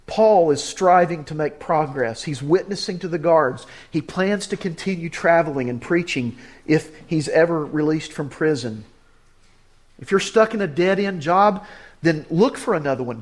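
Lively preacher man, slightly high voice. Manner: reads quoted story lines with lively emphasis. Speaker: pastor. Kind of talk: sermon.

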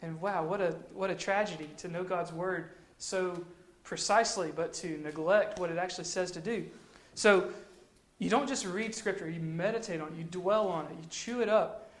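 A Christian teacher with a high voice and moderate pace gives casual devotional teaching, speaking conversationally and repeating phrases for emphasis. The room is echoey.

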